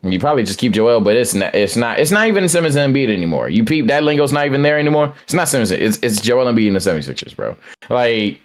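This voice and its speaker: A man co-hosting a laid-back sports podcast on a headset. He talks in an animated, slangy way and often stammers and restarts before making his point. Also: mid-range voice, fast talker. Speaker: podcast co-host. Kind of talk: casual sports chat.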